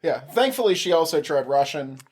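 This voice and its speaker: A man's voice: fairly high pitch, sing-song, normal speed, a little mellow, breathy edge. A man co-hosting a casual podcast from a home basement, chiming in with dry, sarcastic jokes. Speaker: podcast co-host.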